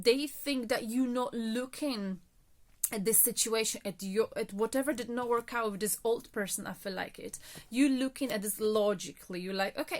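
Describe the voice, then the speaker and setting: A woman reading tarot cards in a casual, chatty monologue, a little out of breath, often checking in with "okay?" and filler words. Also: a little high. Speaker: tarot reader.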